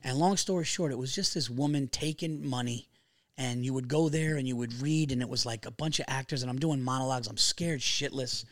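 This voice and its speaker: A man, a comedian telling stories on a podcast, animated and swearing freely. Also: mid-range voice, fairly quick, dry recording, clean studio sound. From New York. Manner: animated storyteller, swears freely, acts out quotes. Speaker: comedian guest. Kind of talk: casual podcast chat.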